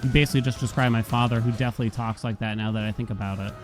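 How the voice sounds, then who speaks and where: Male streamer, mid pitch, relaxed storyteller, game music faint behind. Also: rapid-fire. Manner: chatty storytelling, acts out quotes. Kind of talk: casual gaming stream chat.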